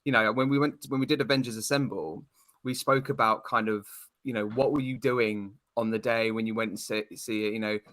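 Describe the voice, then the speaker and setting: A British man with a bright, forceful voice talks earnestly on a podcast, gushing in a nostalgic way. The sound is dry and close, with no room around it. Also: fairly low pitch, fairly even intonation, fairly quick, no room sound. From United Kingdom. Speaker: podcast guest co-host. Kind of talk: casual podcast chat.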